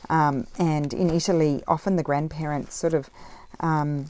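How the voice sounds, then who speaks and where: A woman's voice: sits low, steady tone, a little slow, noisy background. A middle-aged woman chatting casually while she crafts, rambling with many fillers. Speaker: craft vlogger. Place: home craft table, indoors.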